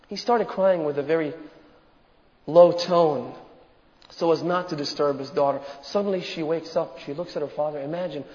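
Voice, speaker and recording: High-voiced preacher in an echoing hall. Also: male voice. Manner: dramatic, swelling and dropping to a hush. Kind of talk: emotive storytelling sermon. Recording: muffled recording in a reverberant hall.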